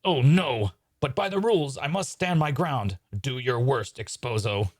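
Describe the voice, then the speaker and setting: A man voicing a grandiose male stage magician who speaks in slow, formal declarations. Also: medium pitch, no room sound, studio quality, pitched above the performer's own voice, natural voice. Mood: grandly formal.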